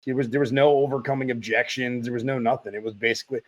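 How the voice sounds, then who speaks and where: A man hosting a podcast interview, telling stories in a rambling, animated way. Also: medium pitch, quick pace, few pauses. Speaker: podcast host. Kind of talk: casual interview chat.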